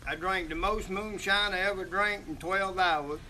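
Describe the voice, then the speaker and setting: A man's voice: sits high, fairly even intonation, normal speed, bright, forceful tone. Profane joking man cooking outdoors. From Louisiana. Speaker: outdoor cook and co-host. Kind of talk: casual live-stream chat.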